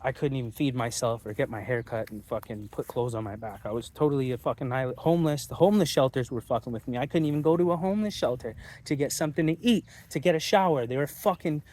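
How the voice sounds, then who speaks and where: A man holds forth to his viewers in a loose, unscripted monologue. He is blunt and combative, and he swears often. His voice sits at an ordinary pitch for a man. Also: quick pace, few pauses, a little mellow. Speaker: channel host.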